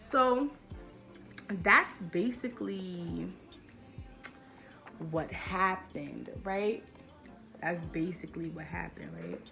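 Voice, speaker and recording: Gravelly-voiced young woman telling a storytime. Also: on the low side, very animated, takes it slowly, pauses often, bright, forceful tone, soft background music. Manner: emphatic, slangy, repeats points for effect. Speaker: vlogger. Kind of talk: storytime vlog.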